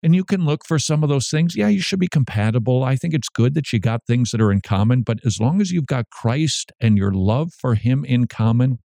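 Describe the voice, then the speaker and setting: A man's voice: mid-range voice, lively intonation, brisk, gravelly, few pauses, warm tone, no echo, studio quality. A man hosting a daily Christian commentary show, talking in a wry, conversational way with sarcastic asides. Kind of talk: casual commentary.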